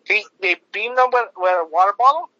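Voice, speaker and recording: High, bright-voiced man ranting. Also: expressive, brisk, no echo. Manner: rambling, heavy swearing, many fillers and restarts. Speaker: podcast host. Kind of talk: casual profane podcast rant. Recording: dull lo-fi recording.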